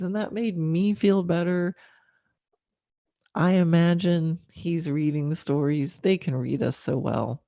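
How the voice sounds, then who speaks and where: A middle-aged woman hosting a podcast, telling a personal story candidly and emotionally, with frequent fillers and soft laughs. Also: on the low side, no echo, clean studio sound. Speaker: podcast host.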